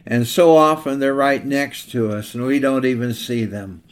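A pastor preaching a sermon, telling illustrative stories in an earnest way and slowing down to stress key lines. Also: male voice, medium pitch, steady tone.

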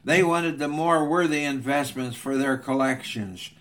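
A male preacher telling an illustration in a sermon, with measured, earnest narration. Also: mid-range voice, a bit bright. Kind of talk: sermon storytelling.

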